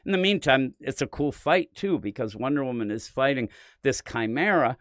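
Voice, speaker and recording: A man's voice: medium pitch, expressive, normal speed, fairly bright tone, no echo, clean studio sound. A man hosting a comic book podcast, chatting casually with rambling enthusiasm and lots of fillers. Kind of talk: casual comic review chat.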